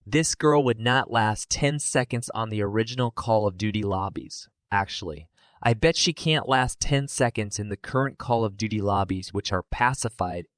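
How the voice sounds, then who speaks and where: A man's voice: fairly low pitch, moderate pace, no room sound. A man giving sarcastic, mocking reaction commentary between clips. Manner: dry, mocking.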